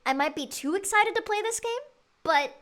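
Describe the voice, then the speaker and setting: A woman streaming a game live, chatting excitably with her viewers and swearing freely. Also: very high voice, moderate pace.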